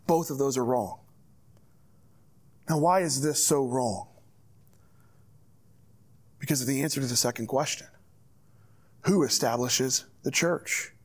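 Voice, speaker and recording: A man preaching a sermon as pastor, reading scripture and urging his church in an earnest, direct way. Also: medium pitch.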